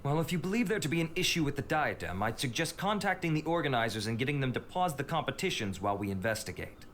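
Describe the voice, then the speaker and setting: An actor playing a stern, businesslike officer in a game. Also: male voice, fairly high pitch, big pitch swings, fast, a bit bright, slight background noise. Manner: formal, businesslike. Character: stern male officer, formal and dutiful.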